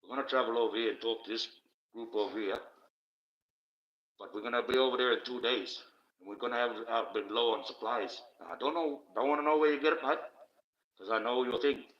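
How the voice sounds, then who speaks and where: A man's voice: mid-range voice, a little fast, lightly acted. A man putting on the voice of an ancient holy man who talks in an offhand, matey, conspiratorial way. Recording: dull, echoey room sound.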